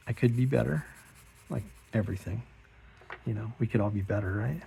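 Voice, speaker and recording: A middle-aged art-channel host talks a little fast in a gravelly, husky voice, chatting in a relaxed, rambling, self-deprecating way as he draws. He often chuckles and plays out quoted remarks in a raised voice.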